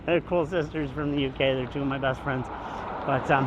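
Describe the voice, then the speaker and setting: This casual walking vlog features a man with a fairly high voice and lively intonation speaking at normal speed into a handheld phone. He's rambling and jokey, a bit breathless from the walk, and the dull-sounding audio picks up faint traffic noise.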